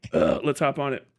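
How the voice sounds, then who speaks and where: An American man ranting crudely and jokingly on a casual live stream. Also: mid-range voice. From United States.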